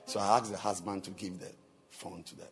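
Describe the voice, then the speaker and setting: Here the bishop's voice is deep and his pace brisk as he preaches through a story. He performs each line of dialogue with animation, circling back to the same words many times.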